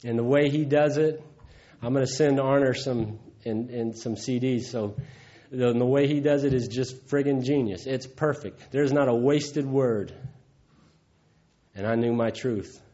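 A man's voice: mid-range voice, a little slow, warm tone. A man giving a candid, earthy personal testimony at a recovery meeting, acting out the voices of the people in his story. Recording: dull lo-fi recording.

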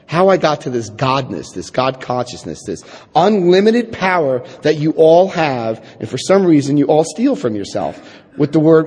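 A man in his forties speaking at a recovery meeting, telling his story with lively acted-out dialogue. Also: fairly high pitch, moderate pace, slightly rough. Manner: animated storytelling, acts out quoted dialogue. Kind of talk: personal recovery talk. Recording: long hall reverb.

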